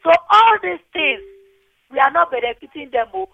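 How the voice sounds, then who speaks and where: A woman's voice: high voice, animated, normal speed. A woman with a Nigerian Pidgin English accent calling in to a radio show, speaking earnestly and pleadingly, repeating her points. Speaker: radio call-in caller. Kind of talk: impassioned phone-in comment. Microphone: telephone. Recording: muffled phone line.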